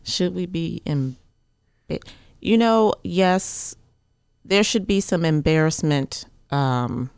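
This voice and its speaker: A woman guest on a studio talk show speaks in a measured, thoughtful way, pausing with ums. Her mid-pitched voice is smooth with a touch of gravel. The room sounds dry. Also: lively intonation, a little mellow, no room sound. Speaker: guest editor. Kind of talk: casual studio chat.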